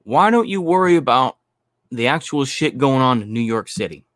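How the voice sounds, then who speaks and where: A man's voice: mid-range voice, lively intonation, moderate pace, a bit bright, no room sound. Male stream host, blunt profane ranting, dry close mic. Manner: blunt, profane, repeating himself. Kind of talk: ranting commentary.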